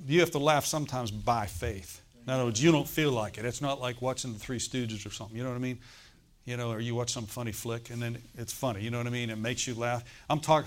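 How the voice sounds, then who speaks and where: A middle-aged man delivers a sermon with a storyteller's rhythm, his pitch in an ordinary middle range. He moves from quiet, confiding asides to sudden loud declarations and acts out bursts of laughter to drive his point home.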